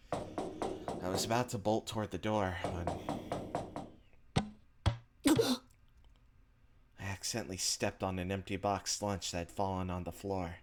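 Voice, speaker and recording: Man, deep voice, casual let's play reader, noisy recording with clicks. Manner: casual, offhand asides between read lines. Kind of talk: casual let's play, reading visual novel text aloud.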